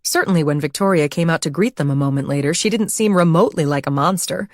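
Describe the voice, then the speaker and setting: A woman reading a thriller audiobook as narrator, in an even, measured storytelling manner. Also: low-pitched, dry recording, studio quality. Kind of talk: scripted narration.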